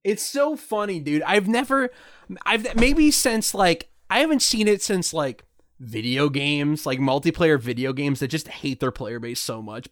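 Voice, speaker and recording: Man, slightly high voice, sarcastic and swearing a lot, casual podcast rant. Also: animated, unhurried. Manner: profane, ranting, sarcastic.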